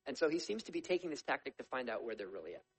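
A man preaching a sermon, reading scripture aloud and explaining it in a conversational, animated storytelling way. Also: medium pitch, racing, breathy edge, poor audio. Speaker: pastor.

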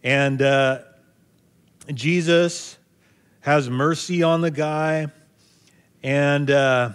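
A man's voice: a little high, fairly even intonation, drawn-out words, clear, resonant tone. A man reading scripture aloud and then explaining it in a conversational, thoughtful way, with occasional fillers. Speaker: Bible teacher. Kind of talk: scripture reading and sermon commentary.

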